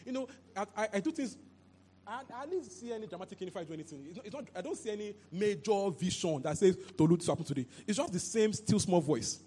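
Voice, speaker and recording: A man preaching a sermon into a handheld mic, animated and repetitive, often asking if the listeners understand. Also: sits high, quick pace, slightly rough. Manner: animated, repeats phrases, asks "you understand?". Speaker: pastor.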